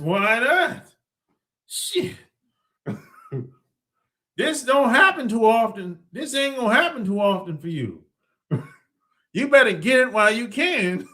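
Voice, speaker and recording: A podcast host delivers a blunt, slangy, rambling casual monologue, laughing often between lines. His voice is extremely high, sing-song, pushed and bright, moving slowly with frequent pauses.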